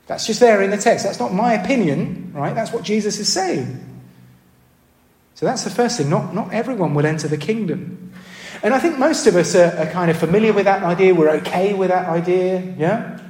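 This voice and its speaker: This man's voice is high and animated with a darkish tone, and he keeps a moderate pace. He delivers an earnest sermon in a church hall full of roomy reverb, posing questions to the congregation and checking in with them often. He tends to repeat words whenever he restarts a thought.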